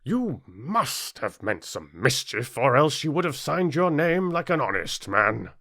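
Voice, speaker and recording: A man with a British accent voicing a pompous, blustering, easily flustered king in a loud, drawn-out voice for an audiobook. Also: mid-range voice, sing-song, creaky, no room sound, clean studio sound, pitched above the performer's own voice, full character voice. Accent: British English. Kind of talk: audiobook character voice.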